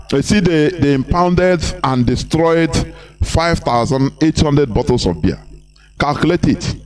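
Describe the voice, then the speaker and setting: A man's voice: a little high, a little mellow. A Nigerian man giving impassioned live broadcast commentary, repeating himself and firing rhetorical questions at his listeners. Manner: preachy, repetitive, rhetorical questions, mimicking others.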